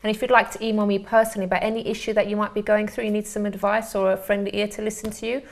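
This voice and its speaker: A woman's voice: medium pitch, level tone, very fast, creaky. A woman hosting a talk show, chatty and agreeable, adding her own thoughts in casual studio conversation. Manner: chatty, agreeable, fills with mm-hmm.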